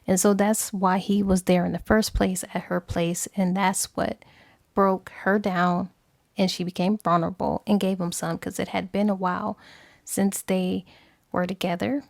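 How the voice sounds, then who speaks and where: A woman book reviewer casually retelling a novel's plot, animated and slipping into acted dialogue. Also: mid-range voice, normal speed, gravelly, dry recording, studio quality.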